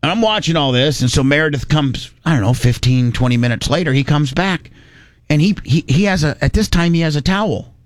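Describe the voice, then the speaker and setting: A man's voice: fairly high pitch, a little fast, dry recording. Folksy Indiana man telling a story. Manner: folksy, rambling, acts out voices in quotes. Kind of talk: casual storytelling chat.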